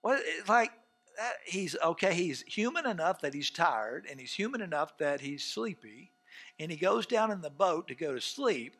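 A man preaching a sermon as pastor, swinging from soft asides to shouted outbursts and acting out quoted dialogue. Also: on the high side, very animated, normal speed. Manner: acts out quoted dialogue in scenes.

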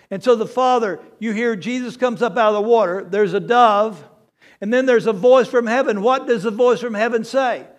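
A man, the lead pastor, preaching a sermon in a conversational way, growing emphatic when he quotes scripture. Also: sits high.

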